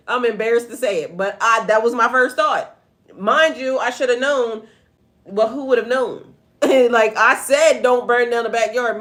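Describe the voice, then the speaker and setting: A middle-aged woman, a tarot reader and spiritual life coach, hosts a casual livestream reading in a slightly high, fairly bright voice. She speaks directly to viewers and bursts into laughing, profane stories.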